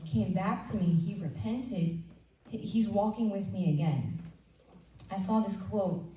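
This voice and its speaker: A woman leading a women's ministry breakfast, preaching in a conversational, animated way and acting out little asides. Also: mid-range voice, measured pace. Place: church event room. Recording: roomy hall sound from a distant mic with faint noise.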